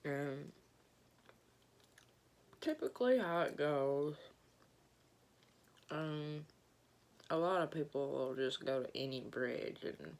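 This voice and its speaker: A woman with a Southern Alabama accent, telling a story in a rambling, halting way as she eats and talks with her mouth full. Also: low-pitched, a little mellow. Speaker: vlogger. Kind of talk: casual storytelling while eating.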